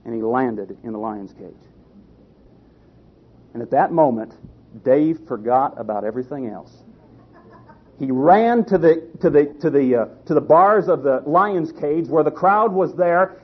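A man preaching a sermon in a folksy storytelling way, often halting and restarting his sentences. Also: a little high, lively intonation, husky. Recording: dull lo-fi recording.

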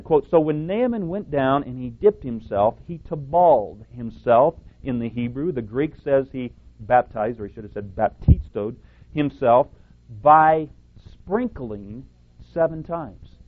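Male preacher, emphatic, a bit sarcastic; narrow phone-like sound. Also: medium pitch. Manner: emphatic, sarcastic, quotes and rebuts opponents. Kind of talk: radio Bible teaching. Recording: tinny phone-like audio.

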